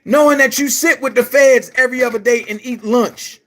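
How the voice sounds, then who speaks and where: Brief: man, very high voice, angry profane commentary rant, frequent shouting, blunt and repetitive. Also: fairly quick. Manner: blunt and emphatic, repeats phrases. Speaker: online commentary host. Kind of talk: heated vlog rant.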